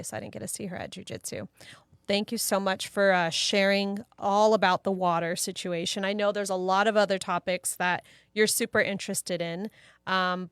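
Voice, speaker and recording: A woman's voice: mid-range voice, smooth, no room sound, clean studio sound. A woman co-hosting a live show, chatting casually, telling family stories and reading viewer comments aloud. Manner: warm storyteller, reads viewer comments aloud. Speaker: co-host. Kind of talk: casual chat.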